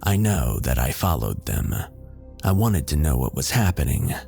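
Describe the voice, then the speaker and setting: A man telling a first-person horror story in a steady, measured way. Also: a bass voice, creaky. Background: faint background music.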